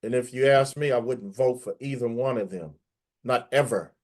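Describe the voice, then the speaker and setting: A man's voice: mid-range voice, normal speed. A man speaking as a guest on an online panel, emphatic and opinionated, often repeating words. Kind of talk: casual panel discussion.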